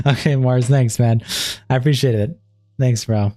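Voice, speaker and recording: A man hosting a casual livestream, chatting with viewers in a loose, profane way, full of fillers and sarcastic, deadpan asides. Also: mid-range voice, a little slow, faint music behind. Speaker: livestream commentary host.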